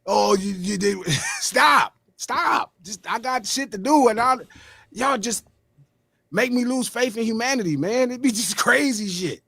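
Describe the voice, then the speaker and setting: A man's voice: sits high, moderate pace, vocal fry, no echo, clean studio sound. A man on a podcast panel, arguing in a casual, emphatic, exasperated way.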